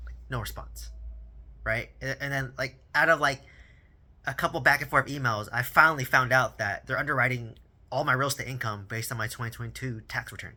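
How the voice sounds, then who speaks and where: Casual male vlogger, thirties, bright tense tone, chatty storyteller who restarts words often. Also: mid-range voice, brisk. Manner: rambling storytelling, lots of "right?" and repeated words. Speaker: vlogger on real estate and personal finance. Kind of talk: casual talking-head monologue.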